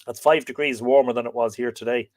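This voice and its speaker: An Irish man chatting easily as he hosts a live stream, greeting viewers one by one and joking along with them. His voice sits at an ordinary middle pitch and sounds close and dry, with almost no room sound around it. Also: steady tone, fast talker, darkish tone, dry recording. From Ireland. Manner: chatty and playful, reading comments aloud. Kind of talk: casual live-stream chat reading viewer comments.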